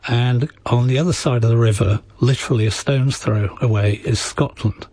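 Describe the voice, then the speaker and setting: Husky-voiced English male author. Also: medium pitch, fairly even intonation, warm tone, dry recording. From England. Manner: measured, storytelling. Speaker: author and radio guest. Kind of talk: conversational radio interview.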